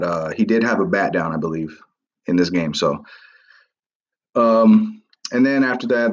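A man's voice: deep voice, lo-fi sound. A man hosting a sports podcast, talking through a preseason game recap in a casual, rambling way with many fillers and restarts. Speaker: podcast host.

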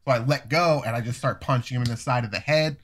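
A man in his thirties telling a story in a casual, profane and animated way, acting out the voices of people he quotes. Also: mid-range voice, fast talker. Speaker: storyteller guest.

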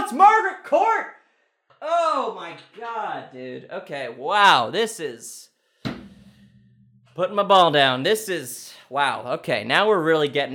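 A young man hosting a comedic quiz challenge, thinking out loud and swinging between excited shouts and low mutters. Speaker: quiz contestant and host.

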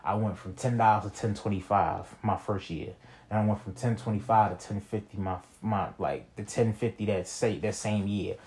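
A man's voice: lowish voice, fairly even intonation, moderate pace, darkish tone. A young man telling a personal story in a casual, rambling monologue, full of slang and "you feel me.". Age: young adult.

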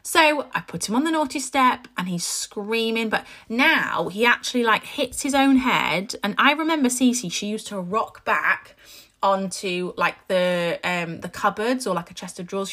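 A British woman and podcast host chatting casually about her children, telling stories in a lively way with frequent asides. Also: mid-range voice. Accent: British English. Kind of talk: casual chat.

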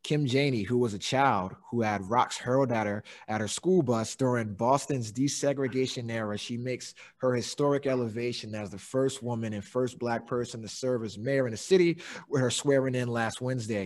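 A young man hosting a casual podcast chat, swearing freely and laughing through animated stories. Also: mid-range voice. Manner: profane, laughing, animated storyteller. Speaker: podcast host.

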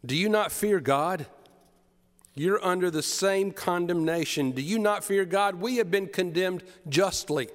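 A man's voice: high voice, measured pace, in a large hall, voice pushed up. A man voicing a repentant criminal dying on a cross, speaking with urgent, raised force. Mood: urgent rebuke.

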